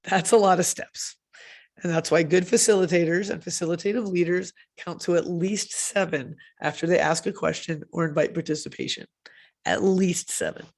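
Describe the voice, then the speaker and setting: Woman speaker, conversational conference delivery, low fry in the voice, self-correcting and checking in with listeners. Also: steady tone, moderate pace, a little mellow. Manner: chatty, often tags "right?" and self-corrects with fillers.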